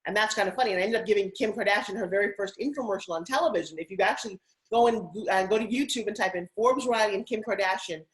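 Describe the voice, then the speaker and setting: A middle-aged woman, a TV host and spokesperson, telling animated stories as an interview guest. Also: mid-range voice, rough recording. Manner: animated, rapid anecdotal telling. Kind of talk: casual interview storytelling.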